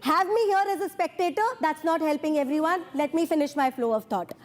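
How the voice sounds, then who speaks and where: A woman's voice: sits high, quick pace. A woman speaking as a party spokesperson in a heated studio debate, insistent and refusing to be talked over.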